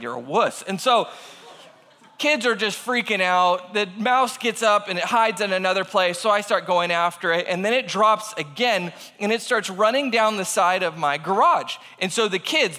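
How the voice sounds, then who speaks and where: A man in his thirties tells a lively personal story to an audience with a high, bright voice. He throws himself into the quoted lines. His voice rings out in a long hall reverb. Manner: animated, acts out voices in quotes. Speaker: speaker telling a personal story.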